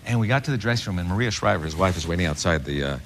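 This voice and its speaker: A man's voice: deep voice, rapid-fire. A middle-aged man, a talk show guest, telling an anecdote with a lot of laughter in his voice. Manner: animated, laughing through punchlines. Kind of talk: anecdotal storytelling. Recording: noisy TV studio recording.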